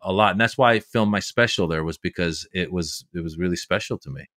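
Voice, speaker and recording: Comedian guy telling stories in an interview, pretty low voice, dry mic, does little voices. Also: fast, dry recording. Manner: animated storyteller doing quoted voices. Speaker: comedian guest. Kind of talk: storytelling interview.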